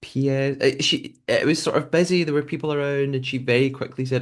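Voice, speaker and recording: A male podcast host walks through the events of an episode in casual, conversational speech. His voice sits at an ordinary middle pitch, and he pauses often to think out loud. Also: steady tone. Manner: conversational recapping with frequent fillers and restarts.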